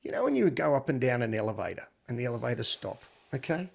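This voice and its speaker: An Australian man co-hosting a podcast, telling animated anecdotes in casual chat with frequent stammered restarts. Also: medium pitch, fast, creaky, slightly rough. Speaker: podcast co-host.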